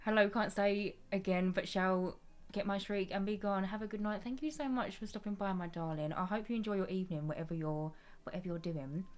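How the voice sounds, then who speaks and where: A woman's voice: mid-range voice, fairly quick, a little mellow. A woman chatting casually with her viewers during a live stream, affectionate and familiar, greeting everyone as her darling. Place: at home at her gaming desk.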